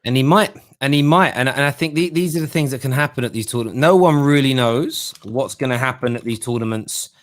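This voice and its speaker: A man's voice: medium pitch, a little fast, hardly any pauses, no room sound. A man hosting a live football call-in show, chatting and reading out viewer comments. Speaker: host.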